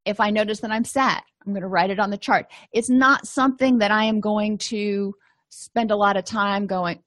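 A woman's voice: medium pitch, fairly even intonation, normal speed, fairly bright tone, no room sound. A woman counselor giving a conversational lecture, explaining ideas with everyday examples. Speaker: counselor and educator. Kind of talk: lecture-style teaching.

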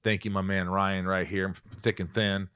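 A man hosting a podcast, signing off casually, reading out names in a relaxed, joking way. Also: deep voice, moderate pace, clear, resonant tone, no room sound, clean studio sound. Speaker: podcast host.

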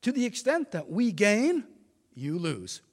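Older male lecturer, high lively voice, reverberant lecture hall. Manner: measured, reads quotations with emphasis. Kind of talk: formal prepared lecture.

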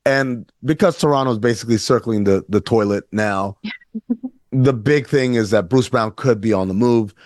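A man co-hosting a casual sports talk show, animated and sarcastic, often acting out quotes in mock voices. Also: mid-range voice, normal speed, dry recording, clean studio sound. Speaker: podcast co-host.

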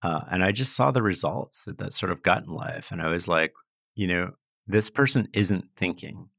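A man's voice: deep voice, brisk, vocal fry, bright, forceful tone, dry recording, studio quality. A man who is a guest on a podcast, giving advice in an earnest, explanatory way with plenty of casual fillers. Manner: earnest, explanatory, uses many fillers like "like" and "sort of". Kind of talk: conversational advice.

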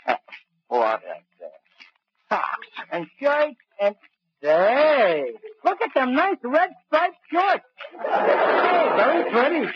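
Brief: wisecracking hood, lively voice, faint hiss. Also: male voice, very high-pitched, slow, long pauses, some chatter behind, exaggerated voice. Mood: mocking. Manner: clipped, street slang, sarcastic. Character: tough-talking male gangster boss, sarcastic. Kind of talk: 1940s radio acting. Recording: muffled old radio broadcast with hiss.

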